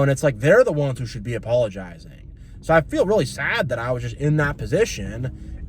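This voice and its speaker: A man's voice: a little high, noisy background. A man venting in an emotional vlog rant, agitated and repetitive, with many fillers like "like" and "you know". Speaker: vlogger.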